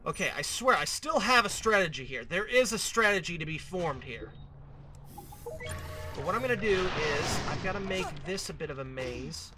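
High-voiced man muttering over gameplay. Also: big pitch swings, moderate pace. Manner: talks to himself, fretting then hyping himself up; mock-dramatic shouting at game troops. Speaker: gameplay commentator. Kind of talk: let's play commentary. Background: game music.

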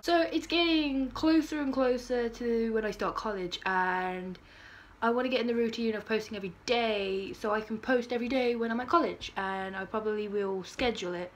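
A woman's voice: medium pitch, a little fast, a little hiss or hum. A teenage girl, chatting casually in a bubbly, giggly vlog style with dramatic outbursts. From United Kingdom. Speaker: vlogger.

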